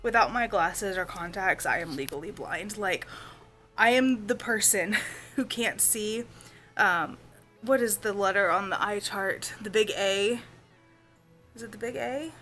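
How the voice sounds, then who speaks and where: A woman's voice: mid-range voice, measured pace, bright, forceful tone, soft background music. A young woman chatting casually in a vlog, rambling and sick, losing her voice and coughing. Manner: chatty, rambling, lots of "like" and "y'all". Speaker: vlogger.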